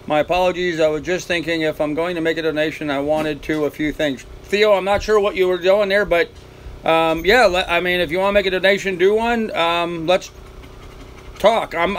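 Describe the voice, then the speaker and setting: Older guy from the states, kinda high voice, reading out chat and answering, faint fan humming behind. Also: fairly bright tone, low-quality recording. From United States. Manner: reads viewer comments aloud and answers them easygoingly. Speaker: live-stream host. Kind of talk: casual live-stream chat. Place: cabin of his boat with the doors closed. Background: faint fan noise.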